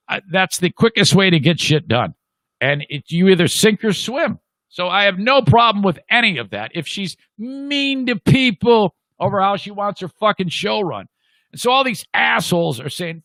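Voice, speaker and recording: A middle-aged male host rants bluntly and swears freely, his voice sitting fairly high for a man. The sound is close and dry, with no room around it. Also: lively intonation, normal speed, pushed and bright, no room sound. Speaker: radio show host. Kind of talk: profane ranting commentary.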